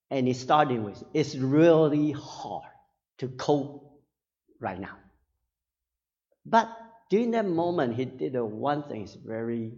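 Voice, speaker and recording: Male pastor, sermon, halting and earnest, lively pitch, muffled hall recording. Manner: halting, earnest, tags phrases with "right?". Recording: dull sound with long hall reverb.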